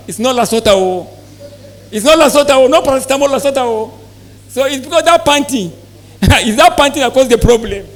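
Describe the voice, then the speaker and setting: High-voiced man lecturing farmers. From Nigeria. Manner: asks the audience questions, repeats points. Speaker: sales manager giving a farm talk. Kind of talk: live seminar presentation.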